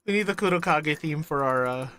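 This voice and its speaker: Bright-voiced excitable woman streamer. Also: deep voice, brisk. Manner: excitable, swears casually, talks to chat. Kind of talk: live game playthrough commentary.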